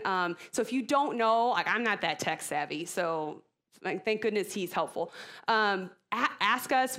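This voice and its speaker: Expressive, chatty woman at a parenting talk. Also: mid-range voice. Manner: expressive, chatty, laughs at herself, many fillers. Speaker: speaker at a church parenting talk. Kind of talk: casual church talk to parents.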